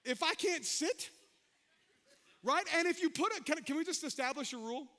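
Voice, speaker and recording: A man preaching with a very high, bright voice that rings out when he calls to the congregation. He shifts between shouted exhortations and folksy, joking asides. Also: expressive, normal speed. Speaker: pastor. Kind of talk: sermon.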